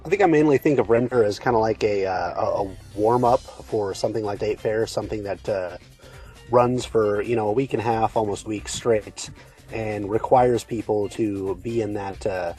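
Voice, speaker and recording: A man's voice: fairly low pitch, moderate pace, mellow. Man, podcast guest, laid-back, hesitant fillers, faint music behind. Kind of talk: casual chat.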